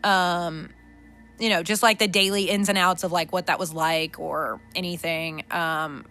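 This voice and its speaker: A woman's voice: lowish voice, steady tone, measured pace, sharp tone, soft background music. A young woman hosting a podcast in a casual, candid monologue, swearing freely and laughing often between fillers. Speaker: podcast host.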